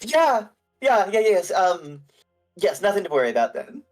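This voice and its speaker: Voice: mid-range voice, sing-song, moderate pace, pitched above the performer's own voice, natural voice. An awkward, overly polite man, played by a tabletop player, stumbles over his words like a customer-service clerk. Hesitant fillers break up every sentence. Faint music plays beneath. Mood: flustered polite. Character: male party member Felix, politely awkward.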